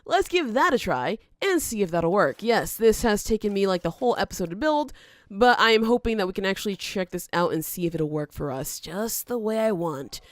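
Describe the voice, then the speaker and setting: A woman's voice: mid-range voice, lively intonation, brisk, no echo, studio quality. A woman hosting a let's play, giving chatty gameplay commentary, talking back to the game and laughing often.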